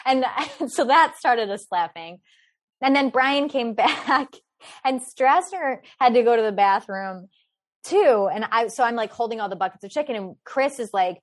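A woman's voice: on the high side, normal speed. Bubbly woman telling a story, laughing. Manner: animated, laughing often, many filler words. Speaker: guest storyteller. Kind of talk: casual anecdote in conversation.

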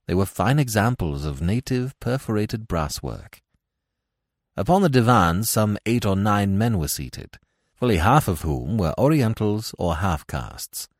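Lively low-voiced male storyteller. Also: no room sound, clean studio sound. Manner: expressive, dramatic storytelling. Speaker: podcast narrator. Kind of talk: scripted narration of a classic novel.

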